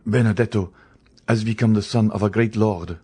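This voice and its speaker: A man's voice: fairly low pitch, steady tone, moderate pace, darkish tone, breathy edge. A man voicing a sly, frightened former galley convict who pleads and evades. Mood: pleading. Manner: pleading, evasive.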